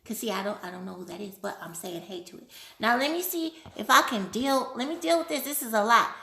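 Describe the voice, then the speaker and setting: A woman hosting a casual live stream, playful and animated, laughing often while she answers viewer questions. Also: fairly high pitch, fairly quick, roomy sound. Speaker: livestream host.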